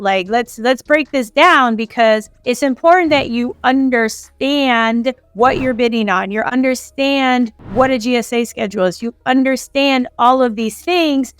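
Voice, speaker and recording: A woman's voice: high voice, expressive, moderate pace, smooth, no room sound. A woman coaching on government contracts in a casual teaching style, acting out quoted callers as she explains. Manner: conversational, acts out quoted callers. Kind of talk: casual instructional talk.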